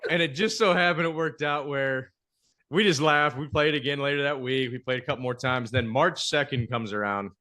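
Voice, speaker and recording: Bright-voiced male podcast host. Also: mid-range voice. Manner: animated anecdote telling, soft-spoken when asking questions. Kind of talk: casual storytelling and interviewing.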